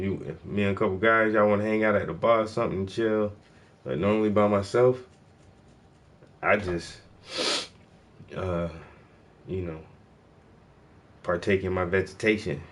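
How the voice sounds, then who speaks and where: A man chatting casually on a livestream, laid-back and full of slang while he paints. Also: sits low. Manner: laid-back slangy talk, lots of "bro" and "yo".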